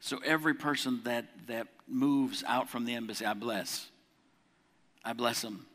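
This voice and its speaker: A man preaches a sermon with a bright, forceful voice. He swells with force when reading scripture and turns quiet and close when telling personal stories. The sound rings with the long reverb of a church hall. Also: fairly even intonation, normal speed. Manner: preaching with rising volume on scripture, dropping low for personal stories. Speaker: pastor.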